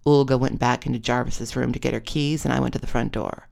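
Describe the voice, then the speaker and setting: Wry audiobook narrator, gravelly tone. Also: medium pitch, fairly even intonation, fast, a little mellow. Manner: wry, self-deprecating. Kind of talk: comic memoir audiobook reading.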